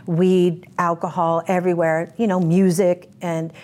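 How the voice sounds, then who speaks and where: Blunt low-voiced woman telling her story. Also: little pitch movement, unhurried, a little mellow, slight background noise. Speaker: interview guest. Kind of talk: candid testimony interview.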